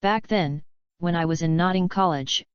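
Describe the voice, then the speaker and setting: A woman's voice: fairly low pitch, moderate pace, clear, resonant tone, dry recording, close to an everyday voice. A woman voicing a scheming older male teacher in a storybook reading, speaking in an explanatory, coaxing way. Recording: dull lo-fi recording.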